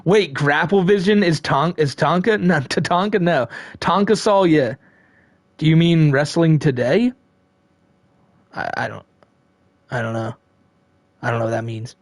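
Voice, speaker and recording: A man with a fairly high voice rambles through a casual live stream, reading and answering chat. He swears freely and laughs often. The sound is dry and close. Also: a little slow, long pauses, no echo.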